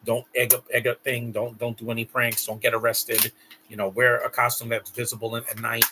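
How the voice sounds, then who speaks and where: A man's voice: medium pitch, flat delivery, brisk, very noisy. A young man hosting a live stream, chatting casually and rambling with frequent restarts while reacting to a movie. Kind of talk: casual watch-along commentary.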